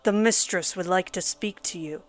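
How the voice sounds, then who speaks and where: A woman's voice: normal speed, close to an everyday voice. A woman voicing a huge, formal male mercenary in a wolf mask who speaks with a thick Mexican accent, over faint music. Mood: commanding. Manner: booming and formal.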